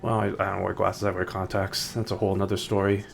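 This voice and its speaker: Low gravelly man chatting while streaming. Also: flat delivery, fast talker, few pauses. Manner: rambling, chatty, many restarts. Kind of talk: casual gaming stream chat. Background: faint background music.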